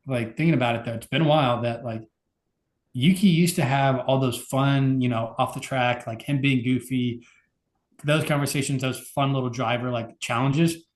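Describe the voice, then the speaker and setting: A man's voice: medium pitch, steady tone, moderate pace, roomy sound. A man co-hosting a podcast, talking in a laid-back, casual way with lots of fillers. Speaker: podcast co-host. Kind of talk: casual chat.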